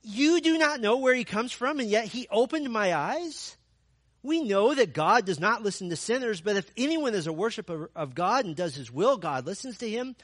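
A man's voice: high voice, big pitch swings, normal speed, a bit bright, no echo, studio quality, voice pushed up, full character voice. A man preaching voices a healed blind man who talks back to the leaders with pointed, incredulous exasperation. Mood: indignant.

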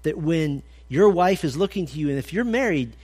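Man, slightly high voice, casual preacher at a men's breakfast, punchy and funny, quizzes the room. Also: fairly quick, slightly rough. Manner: energetic and humorous, acts out little scenes; asks the listeners direct questions. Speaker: men's ministry speaker. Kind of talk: conversational sermon at a men's breakfast.

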